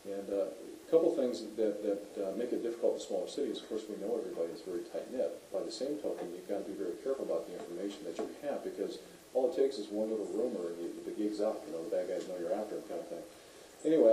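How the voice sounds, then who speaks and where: A man's voice: lowish voice, dark tone, echoey room, distant mic, a little hiss or hum, low-quality recording. A middle-aged man, a former police officer, telling rambling, folksy stories to a community audience, full of restarts and fillers. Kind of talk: storytelling speech to a community audience.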